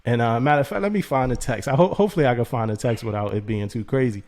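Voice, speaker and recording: Slangy, animated man telling a story. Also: mid-range voice, rapid-fire. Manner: animated, slangy, laughs often and repeats himself. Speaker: podcast co-host. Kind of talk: casual storytelling chat.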